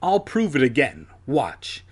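An eager boy who urges and pleads with his friend, voiced by a man in a comedic read-aloud. The voice is slightly husky and lifts in pitch as he insists. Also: huge pitch swings, slow pace, exaggerated voice. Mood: insistent.

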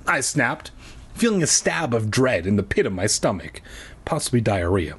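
Man, husky voice, lively pitch, comic book reading, deadpan asides. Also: moderate pace, long pauses. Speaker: comedic reader.

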